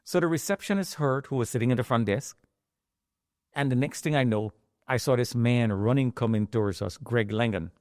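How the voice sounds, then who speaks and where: A man's voice: mid-range voice, fairly even intonation, normal speed, a little mellow, no room sound. A middle-aged man recounting how he survived, acting out the voices of the people in his story, heard close on a studio mic. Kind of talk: emotional personal storytelling.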